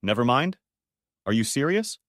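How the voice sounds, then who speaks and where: A man's voice: mid-range voice, very animated, moderate pace, fairly bright tone, no room sound, clean studio sound. A man voicing a betrayed husband who speaks in a caustic, commanding tone. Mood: cold. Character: betrayed husband, cold and controlled, flaring angry.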